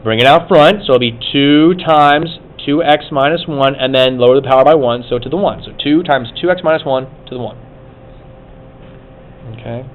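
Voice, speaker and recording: A man's voice: mid-range voice, normal speed, muffled recording. Man, math teacher, casual classroom lecture, thinking aloud, faint background hiss.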